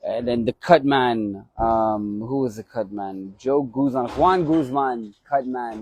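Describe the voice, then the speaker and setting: A man's voice: medium pitch, dark tone, no room sound. A former boxer talking casually on a live stream, rambling and repeating his phrases as he reminisces.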